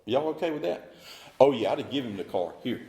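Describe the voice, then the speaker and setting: A middle-aged man, telling his story as a speaker at a recovery meeting in a folksy, animated way. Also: mid-range voice, quick pace, gravelly, echoey room.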